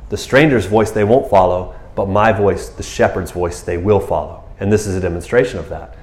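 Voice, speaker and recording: A man preaching a sermon who tells the story with animated energy, acting out scenes in high, excited voices and laughing along the way. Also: roomy sound. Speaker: pastor.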